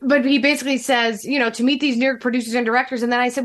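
A woman with a fairly high voice tells a personal story in an easy, chatty way. She is animated and acts out what people said, jumping her pitch up and down for each quoted line. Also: rapid-fire, hardly any pauses. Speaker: podcast guest. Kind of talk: casual storytelling.

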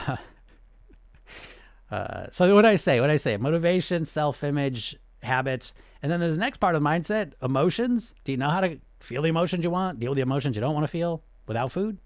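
A middle-aged man coaching on weight loss and answering questions, blunt and animated, firing off rhetorical questions. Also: on the high side, no room sound, studio quality.

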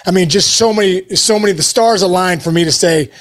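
A man's voice: high-pitched, fairly quick, fairly bright tone. A man in his forties, a baseball coach, talking with enthusiasm in a casual interview, rambling with lots of "you know" fillers and restarts. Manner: enthusiastic, emotional.

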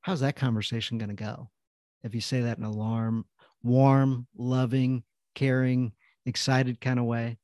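A man's voice: mid-range voice, little pitch movement, measured pace, darkish tone, no room sound, clean studio sound. A man hosting a podcast interview, encouraging his guest and coaching listeners directly. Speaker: podcast host. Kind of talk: casual interview talk.

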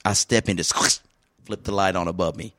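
A middle-aged man, a podcast host, telling a story in casual chat, animated, often laughing and acting out what people said. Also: low voice, normal speed, no echo, studio quality.

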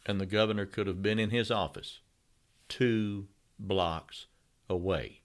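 A man co-hosting a podcast, telling stories wryly with dramatic pauses. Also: lowish voice. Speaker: podcast co-host. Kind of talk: casual chat and storytelling.

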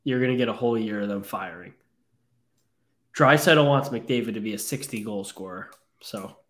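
A man co-hosting a casual sports podcast, jumping in with quick, opinionated takes. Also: on the low side. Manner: quick, opinionated, jumps in on others. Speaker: podcast co-host.

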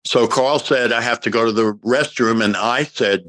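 Speaking at a normal speed with few pauses, an older man with a fairly low voice recounts a long story as an interview guest. He's an actor and performs all the quoted dialogue with animation and emotion. There's no room sound.

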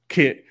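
A man co-hosting a podcast, musing in a laid-back, rambling way. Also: sharp tone. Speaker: podcast co-host. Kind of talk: casual chat.

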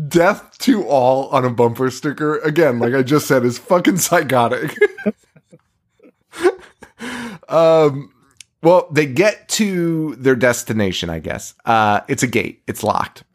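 A man co-hosting a casual podcast, retelling a horror movie scene by scene. His pitch swings widely and his delivery is loose and profane. He keeps a sarcastic edge and laughs between lines. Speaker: podcast co-host. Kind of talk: casual movie recap chat.

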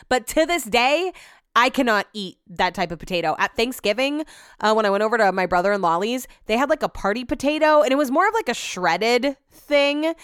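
A woman's voice: fairly high pitch, fairly bright tone, smooth, dry recording, studio quality. A young adult woman hosting a podcast, telling rambling, self-deprecating stories with many asides. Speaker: podcast host. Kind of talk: casual chat.

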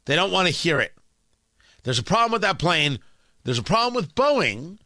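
Lively, animated male radio host. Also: fairly high pitch, no room sound, clean studio sound. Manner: animated, wry, rambling asides. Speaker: radio talk show host. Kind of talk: talk radio monologue. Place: radio studio.

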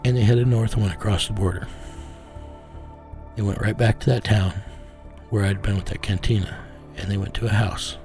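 A man's voice: on the low side, steady tone, normal speed, darkish tone, soft background music. A man telling, in plain, folksy words, the story of a case he tracked as an investigator. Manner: plain-spoken, drawling, folksy phrasing. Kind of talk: casual first-person storytelling.

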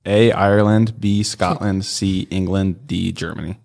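A man's voice: sits low, steady tone, measured pace, gravelly, a little mellow. A man on a casual podcast quiz, taking his time over answers and asking for help. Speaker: podcast panelist. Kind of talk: casual quiz game chat.

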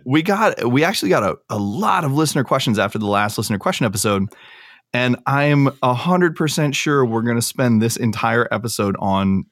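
Male podcast host, dry close sound, lively teasing delivery, faint music. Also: mid-range voice, a little fast, dry recording. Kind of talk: casual comedic chat.

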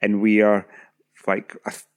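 A man's voice: on the low side, completely flat delivery, measured pace. A man co-hosting a podcast in casual chat, rambling and self-deprecating. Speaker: podcast co-host.

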